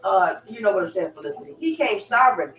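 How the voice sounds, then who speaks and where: A woman's voice: mid-range voice, animated, fast talker, recorded from a distance. Rambling woman talking off-mic in kitchen. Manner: loose, blunt storytelling with profanity and laughs. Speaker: livestream host. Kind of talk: rambling casual monologue. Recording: roomy, off-mic with kitchen clatter.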